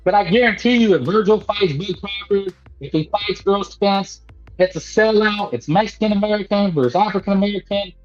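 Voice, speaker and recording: A man with a high voice holding forth as a boxing talk host, emphatic and preachy, and he keeps tossing in "man." The audio is dull and lo-fi, with faint music running underneath. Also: fairly quick. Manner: emphatic and preachy, repeats himself, peppers lines with "man". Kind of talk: casual boxing commentary monologue.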